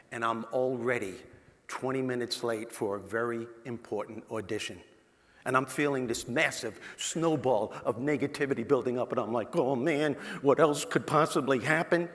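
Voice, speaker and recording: Animated male speaker in a big hall. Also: mid-range voice. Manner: animated, punchy, talks directly to the crowd. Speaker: motivational speaker. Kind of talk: humorous keynote storytelling to a live audience. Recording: long reverb of a large hall.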